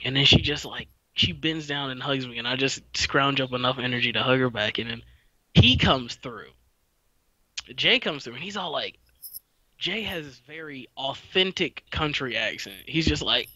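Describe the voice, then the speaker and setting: A man's voice: medium pitch, lively intonation, normal speed, bright, forceful tone, dry recording, dull audio. A young man hosting a podcast, telling a rambling, profane story in a laid-back, casual way. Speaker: podcast host.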